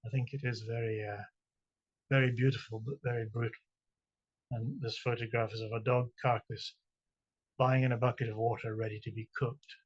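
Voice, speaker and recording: A Scottish man, a poet, introducing and reading his own poems, halting with repeated words between the poems and slow and chant-like in the verse. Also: medium pitch, little pitch movement, breathy edge. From Scotland. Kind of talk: poetry reading with spoken introductions. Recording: dull lo-fi recording.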